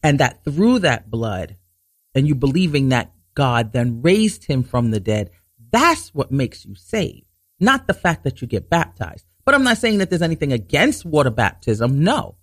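A man hosting a Bible teaching talk show, explaining scripture earnestly, restarting sentences to stress his points and reading verses slowly. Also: medium pitch, sing-song, no echo, clean studio sound. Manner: reads scripture slowly and deliberately.

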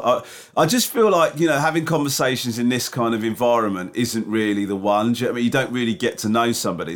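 A man's voice: medium pitch, a bit bright. Chatty man, teasing co-host. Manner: chatty, teasing, full of "do you know what I mean". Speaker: podcast co-host. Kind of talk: casual chat.

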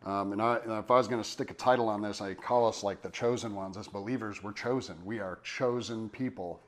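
A man's voice: fairly low pitch, fairly even intonation, fairly quick. Man teaching a casual Bible study. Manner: conversational, many fillers, emphatic.

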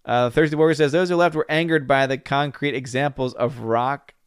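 Young guy reading his chat on stream, jokey quick comebacks, dry close sound. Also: mid-range voice, fairly even intonation, clear, resonant tone, no echo. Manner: reads viewer comments aloud and reacts with laughs and quick retorts. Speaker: livestream host reading chat comments. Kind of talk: casual livestream chat.

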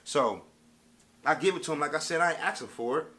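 A man's voice: on the high side, expressive, a little fast, sharp tone. A man telling a story to camera as a casual rant, with streetwise slang and emphatic delivery. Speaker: vlogger.

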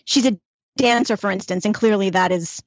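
Quick, curious woman host asking questions. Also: mid-range voice, no echo, studio quality. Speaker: podcast host. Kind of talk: interview questions.

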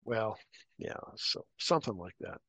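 A man's voice: fairly low pitch, a little slow, breathy edge, no room sound. A middle-aged man, a former paramilitary officer, telling war stories casually as a podcast guest and acting out the voices of people he quotes. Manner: animated anecdotes, acting out quoted voices, laughing. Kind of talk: casual storytelling interview.

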